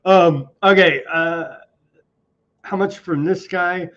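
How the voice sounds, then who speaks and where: A man co-hosts a news commentary show with a fairly high voice, serving up the headlines with heavy sarcasm. He trips over foreign names as he goes. The audio is dull and lo-fi. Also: fairly even intonation, takes it slowly, fairly bright tone. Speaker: co-host.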